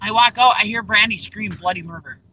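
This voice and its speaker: A woman's voice: medium pitch, a little fast, pushed and bright, muffled recording, slight background noise. A middle-aged woman on a group video call, telling a rambling story in casual chat and acting out the people in it. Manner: rambling, acts out quoted exchanges.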